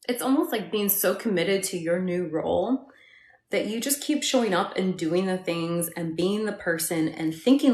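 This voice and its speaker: A woman coaching viewers in a casual live-stream chat, peppering her talk with "like" and "right?" and laughing often. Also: fairly low pitch. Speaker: manifestation coach. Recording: roomy echo.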